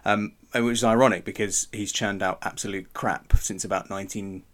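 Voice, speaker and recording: A man's voice: fairly low pitch, steady tone, moderate pace. A man co-hosting a podcast, talking in a rambling way, correcting himself and chuckling often. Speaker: podcast co-host. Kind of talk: casual chat.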